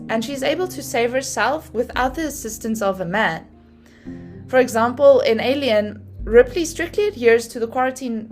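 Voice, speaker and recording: Woman podcast host talking casually, mid pitch, explains stuff, laughs at her asides, light music under. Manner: chatty and explanatory, laughs at her own asides, uses fillers. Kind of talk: casual lecture-style podcast talk.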